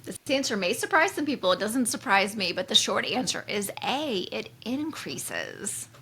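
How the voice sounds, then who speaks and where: A woman in her forties co-hosting a podcast in casual chat, bubbly and quick to cheer. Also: medium pitch, big pitch swings, fairly bright tone, breathy edge. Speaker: podcast co-host.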